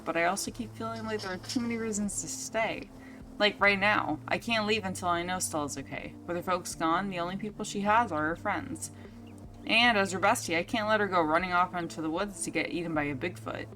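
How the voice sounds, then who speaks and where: A woman's voice: medium pitch, a little fast, fairly bright tone, close to an everyday voice, rough recording. Woman voicing a wry, anxious best friend. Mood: worried. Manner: chatty, wry.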